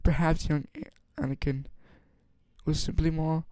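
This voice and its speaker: A man reading aloud and voicing an old, scheming male politician who speaks blandly and a little higher than his own voice. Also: steady tone, measured pace, mellow, no room sound, lightly acted.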